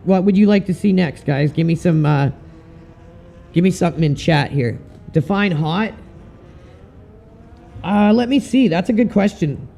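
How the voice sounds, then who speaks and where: A man's voice: high-pitched, animated, unhurried, gravelly, long pauses, warm tone, soft background music. Laid-back man streaming sim racing. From Canada. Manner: laid-back, chatty, swears casually. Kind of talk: casual live-stream commentary.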